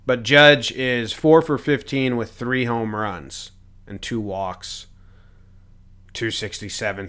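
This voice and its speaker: A man's voice: medium pitch, bright, forceful tone, smooth. A man hosting a casual baseball podcast, reading chat questions and stats with dry jokes. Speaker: host.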